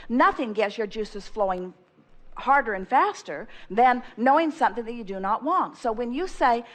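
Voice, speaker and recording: An emphatic woman with a fairly high voice giving an inspirational seminar talk. She speaks of herself as "we" and acts out affirmations in the first person, building energy as she goes.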